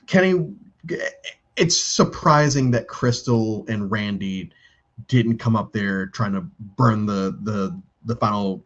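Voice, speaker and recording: A man hosting a live stream in casual chat on a video call. He talks in an animated way and acts out quoted lines in different voices. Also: lowish voice, dull audio. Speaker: stream host.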